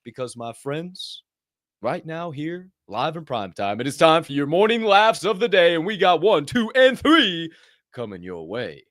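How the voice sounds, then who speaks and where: A man hosting a morning show, his pitch leaping all over the place as he hypes up his listeners. He is playful and goofy, dropping into hushed asides and then bursting out loud again. The sound is dry and close, with no room around the voice. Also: big pitch swings, unhurried, no room sound. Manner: playful, hyped, sips coffee between lines. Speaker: podcast host. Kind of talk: energetic morning show monologue.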